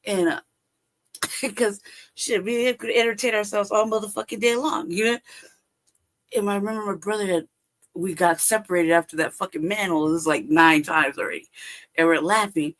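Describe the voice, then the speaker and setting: A woman's voice: mid-range voice, normal speed, pauses often, a bit bright. Laughing, profane storyteller woman from Los Angeles. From Los Angeles, California. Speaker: livestream guest. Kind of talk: casual storytelling. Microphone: livestream call.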